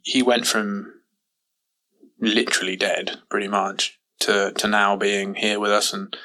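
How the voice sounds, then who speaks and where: A man telling a story in casual conversation, acting out what people said in lively bursts. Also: rough recording. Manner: animated, acts out quotes with rising pitch. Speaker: guest recounting an accident.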